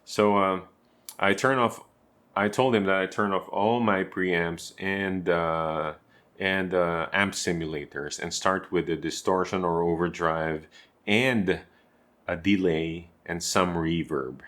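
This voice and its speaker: Male guitarist, low voice, relaxed home-room tutorial delivery, talks the viewer through it step by step. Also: slow. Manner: chatty, explains step by step with asides to the viewer. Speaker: guitarist and teacher.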